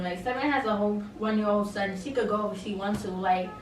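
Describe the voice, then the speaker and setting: A woman's voice: mid-range voice, fairly quick, slight background noise. A young woman recapping a reality show in casual chat, blunt and opinionated, with many fillers. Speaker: reality TV reviewer. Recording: roomy, mic at a distance, faint ambience.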